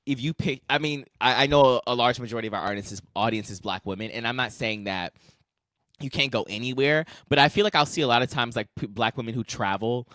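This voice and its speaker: A young man co-hosting a casual podcast, talking in a loose, filler-heavy way and laughing easily. His voice sits at an ordinary pitch. The sound is dry and close. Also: fast, pushed and bright, no room sound. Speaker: podcast co-host.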